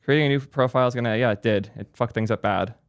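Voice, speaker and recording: An annoyed man vents and swears at his audience while he fights with his computer. His voice is smooth and clear at a middle pitch. It sits close to the mic in a dry, dead room. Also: fast talker, no room sound. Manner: annoyed, swearing, ranting at chat. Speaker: tech streamer. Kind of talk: frustrated live commentary.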